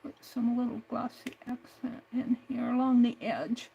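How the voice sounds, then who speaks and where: A woman's voice: fairly high pitch, flat delivery, measured pace, gravelly, mellow, slightly rough, muffled recording. A woman hosting a craft livestream, talking herself through each step at her home desk. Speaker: craft channel host. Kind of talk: casual crafting livestream narration.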